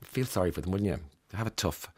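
A man's voice: sits low, lively intonation, fast talker, husky. A man hosting a morning radio show, chatting wryly through the day's news stories and laughing as he goes. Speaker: radio host.

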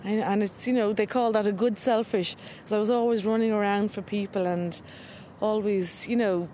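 A woman's voice: mid-range voice, fairly even intonation, moderate pace, warm tone, a little hiss or hum. An Irish woman speaking openly and reflectively in a documentary interview.

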